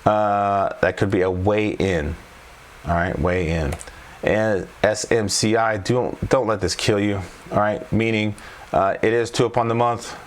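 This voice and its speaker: A man with a lowish, steady voice speaks at a measured pace over a faint hiss or hum. He's a trading coach improvising his way through stock charts, thinking aloud and repeatedly using tag questions to check in with viewers after each point.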